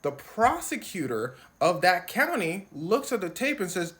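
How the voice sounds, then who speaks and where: A woman telling a comic story in a slangy, animated way, acting out quoted lines in funny voices. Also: on the low side, moderate pace, few pauses, slight background noise. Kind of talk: comic storytelling retelling a sports brawl.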